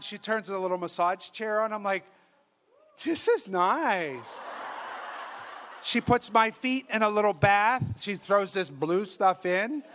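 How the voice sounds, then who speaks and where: Exuberant high-voiced priest telling stories. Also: male voice, a bit bright, a little hiss or hum. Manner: exuberant and humorous, laughing as he tells stories; acts out quoted voices. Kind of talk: storytelling sermon.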